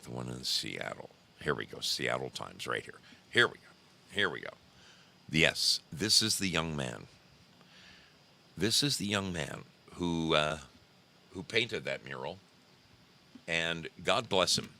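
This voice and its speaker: A man with a very low, gravelly voice hosts a casual show, talking slowly while his pitch swings widely. He rants with profanity and restarts his sentences as he goes. His tone is bright and forceful. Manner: heated, profane, rambling with restarts. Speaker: show host. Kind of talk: casual commentary on screen images.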